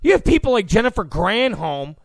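A man's voice: sits high, very animated, a little fast, gravelly, no room sound, clean studio sound. A male political commentator giving an opinion monologue in a mocking way, often acting out the people he quotes. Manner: mocking, acts out quoted people in put-on voices.

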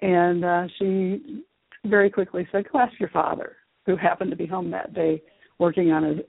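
Middle-aged woman guest, gravelly, dry, heard over a phone line, animated storyteller. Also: lowish voice, normal speed, no room sound. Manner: animated, acts out childhood dialogue. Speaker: guest, Reiki teacher. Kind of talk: storytelling in an interview. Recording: phone-line call-in audio.

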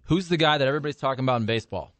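A man's voice: medium pitch, racing, no room sound. A man co-hosting a sports talk radio show in a studio, giving emphatic opinions in casual banter. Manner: opinionated, emphatic hot takes. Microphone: studio microphone.

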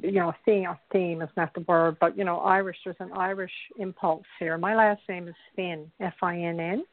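A woman from Newfoundland with a Newfoundland accent, giving calm, gentle spiritual advice on a call-in show. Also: on the low side, moderate pace, no room sound. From Newfoundland, Canada. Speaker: spiritual show guest host. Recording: dry tinny phone line.

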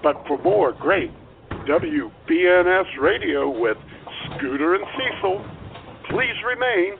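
A man's voice: lively intonation, takes it slowly, gravelly, heavily acted. A man hamming up a bumbling old-time radio sportscaster. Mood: hammy. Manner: hammy announcer delivery with big pitch swings. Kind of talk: spoof vintage radio broadcast. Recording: tinny phone-like sound with faint noise.

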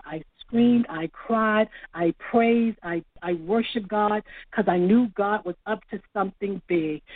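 A woman's voice: medium pitch, dry recording. A woman guest telling her faith story with fervent, dialogue-filled storytelling on a talk show. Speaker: guest author. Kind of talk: testimony on a phone-in show. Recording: phone line, dry.

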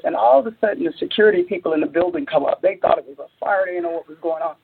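A woman entrepreneur, interviewed as a guest, tells a story with animation, acting out quotes and rising high when excited, with many restarts. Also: racing, gravelly, hardly any pauses, slight background noise. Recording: phone-like narrow audio.

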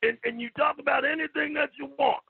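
A man talking on a radio show, loud and profane, stammering and repeating himself, sometimes shouting. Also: extremely high pitch, fairly even intonation, fast, vocal fry. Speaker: call-in guest. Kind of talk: loud rambling radio talk. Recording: lo-fi phone line.

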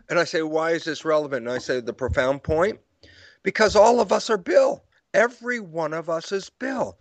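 A man's voice: fairly high pitch, big pitch swings, normal speed, no room sound. A man as an interview guest, explaining ideas like a lecturer, acting out quoted dialogue and chuckling at his own points. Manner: storytelling lecturer who acts out quoted dialogue. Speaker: guest author.

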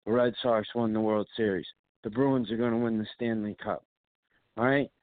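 A man's voice: lowish voice, steady tone, normal speed, no echo. A man hosting casual sports radio banter, ranting and swearing as he mimics friends. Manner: profane, ranting, mimics others in quotes. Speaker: sports talk host. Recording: tinny phone-like line.

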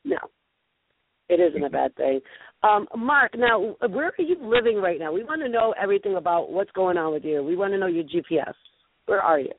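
A woman's voice: mid-range voice, animated, brisk, no echo. Chatty woman host on a tinny phone line. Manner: gushing, chatty, stumbling restarts. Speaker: show host. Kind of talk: casual live call-in show chat.

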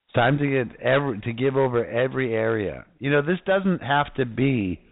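A man's voice: medium pitch, lively intonation, normal speed, dry recording, phone-quality sound. A man preaching casually, reading scripture aloud and fervently calling out to his listeners. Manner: fervent, exclamatory, addresses listeners directly.

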